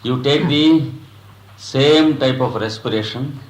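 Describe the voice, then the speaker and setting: A man guiding a breathing practice as a yoga teacher, speaking in slow, measured phrases with long pauses between them. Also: medium pitch, roomy sound, rough recording. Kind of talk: guided breathing instruction.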